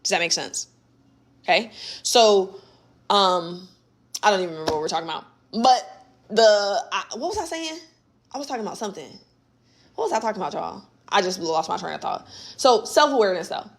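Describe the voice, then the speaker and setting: A woman's voice: mid-range voice, lively intonation, brisk, long pauses. A young adult woman talks through a phone or webcam mic on a live stream. She coaches in a casual, emphatic way, circling back to repeat her points. She speaks straight to her listeners, calling them baby and y'all. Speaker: spiritual coach hosting a live session. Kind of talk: casual motivational teaching on a livestream.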